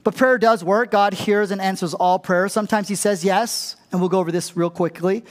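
A man's voice: high-pitched, steady tone, moderate pace, hardly any pauses, long reverb tail. A middle-aged man preaching a conversational sermon as a pastor, casual and humorous, often checking in with his listeners. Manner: casual and humorous, often asks the crowd "right?".

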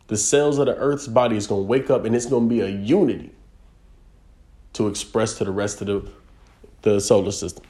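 A man's voice: mid-range voice, dark tone. A man giving a spiritual talk, emphatic and repetitive, often checking whether the listener follows.

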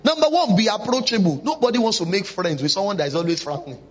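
A man's voice: sits high, animated, fast. A man preaching a sermon in church, emphatic and full of rhetorical questions. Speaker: pastor. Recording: dull lo-fi recording.

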